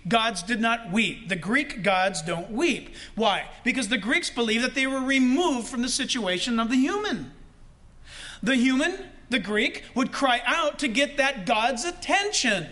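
A man preaching a sermon, pressing his points with rising emphasis and slowing right down on key words. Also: extremely high pitch, animated, bright, forceful tone. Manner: preaching with rising emphasis and slow, drawn-out stresses. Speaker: pastor.

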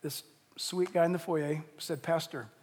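A middle-aged man preaching a sermon as pastor, telling a story with animated delivery and acting out the voices of the people in it. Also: on the high side, a little slow, slight background noise. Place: church sanctuary. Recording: long reverb of a large hall.

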